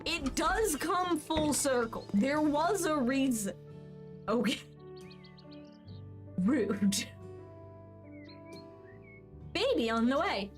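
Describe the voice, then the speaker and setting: A woman's voice: high-pitched, expressive, drawn-out words, pauses often, faint music behind. A woman casually chatting while streaming a game, rambling and answering her chat as she plays.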